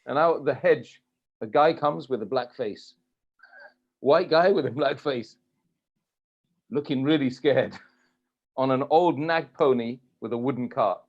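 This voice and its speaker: A male interview host who tells long, animated stories in a relaxed, chatty way. His voice sits at an everyday middle pitch. The audio sounds muffled and lo-fi. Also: unhurried, pauses often. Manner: animated anecdotal storyteller, laughs often. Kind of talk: casual interview and storytelling. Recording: dull lo-fi audio.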